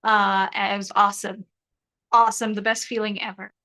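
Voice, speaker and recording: A young South African woman hosts a casual live stream, joking and reading the chat aloud while half her mouth is still numb from dental surgery. Her mid-range voice is bright and forceful but flat in delivery and a little fast, and the audio is poor.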